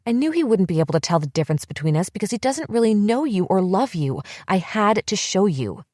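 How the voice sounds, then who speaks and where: A woman's voice: medium pitch, animated, measured pace, no echo, clean studio sound. A woman reading the part of a desperate young woman who begs and pleads with her sister in an audiobook. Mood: pleading. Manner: pleading, wheedling, rising to yelling.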